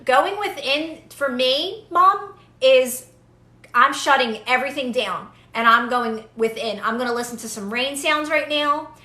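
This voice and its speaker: A woman's voice: high voice, a little slow, pushed and bright, echoey room. A young woman giving casual, earnest manifestation advice to viewers on a live stream, repeating phrases for emphasis.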